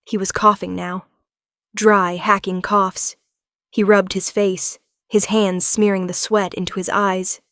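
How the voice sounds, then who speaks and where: A woman's voice: mid-range voice, flat delivery, a little slow, a bit bright, no room sound, studio quality. A woman giving dramatic first-person audiobook narration of a tense thriller.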